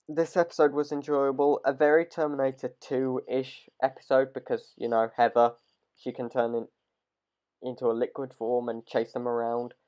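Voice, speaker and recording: A man's voice: mid-range voice, darkish tone, smooth. A man losing his voice, giving a rambling, hesitant casual video review of a TV episode. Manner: rambling and hesitant, trailing off mid-sentence. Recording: dull lo-fi recording.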